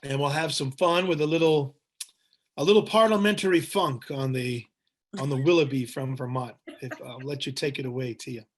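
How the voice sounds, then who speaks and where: Man talking slowly through a tasting. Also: medium pitch. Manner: thoughtful, descriptive, pausing to find words. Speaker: cognac educator leading a tasting webinar. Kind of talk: guided tasting talk. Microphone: webinar mic.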